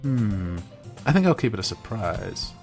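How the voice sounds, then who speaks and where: A young adult man, a streamer reading a visual novel aloud live, narrating plainly with wry, deadpan asides. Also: fairly low pitch, a little slow, faint music behind.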